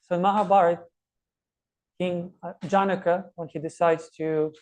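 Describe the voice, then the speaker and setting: A man teaching a scripture class, telling stories and explaining verses with many pauses and restarts. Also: high voice, level tone, a little mellow. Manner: storytelling, many fillers and restarts.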